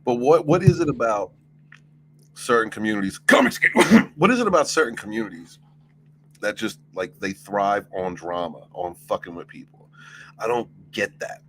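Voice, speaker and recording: A man's voice: fairly low pitch, lively intonation, normal speed, a bit bright, a little hiss or hum. A man streaming, chatting casually in a rambling, profane way and laughing often. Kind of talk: casual late-night stream chat.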